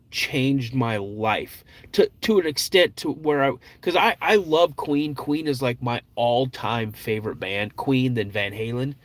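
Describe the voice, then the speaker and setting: A middle-aged man hosting a casual podcast. He tells personal stories in a rambling way, with lots of restarts and filler words. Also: mid-range voice. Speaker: podcast host. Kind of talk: casual live chat and personal storytelling.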